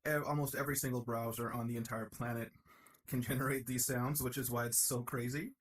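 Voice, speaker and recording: A man talking casually while live-coding, excitable and enthusiastic, thinking aloud as he works in his home studio. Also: mid-range voice, a little fast. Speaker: developer live-coding a project. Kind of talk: casual live-stream commentary. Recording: loud steady hiss over the voice.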